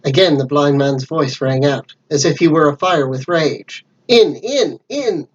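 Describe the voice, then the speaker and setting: A man reading a classic adventure book aloud as storyteller, with lively character voices. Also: a little high, moderate pace, lo-fi sound.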